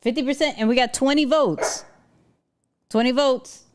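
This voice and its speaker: A woman's voice: high voice, normal speed. A woman hosting a casual livestream from home, chatting with viewers and talking to her dog. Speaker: livestream host.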